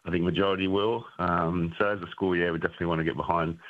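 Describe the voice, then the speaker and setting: A man joins a radio interview by phone, relaxed and halting, with plenty of ums. His voice sits very low. The line is narrow and tinny. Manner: relaxed, full of ums and uhs. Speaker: school sports director, guest.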